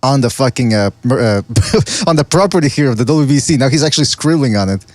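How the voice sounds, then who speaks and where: A man's voice: medium pitch, lively intonation, fast, darkish tone, no echo. A man hosting a podcast, chatting casually and mocking a fighter with profanity and repeated words. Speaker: podcast host. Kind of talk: casual chat.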